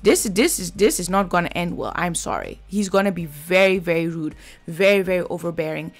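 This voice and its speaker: A woman's voice: lowish voice, lively intonation, brisk, faint music behind. A woman giving blunt, chatty commentary while reviewing a reality TV episode. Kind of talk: casual reaction commentary.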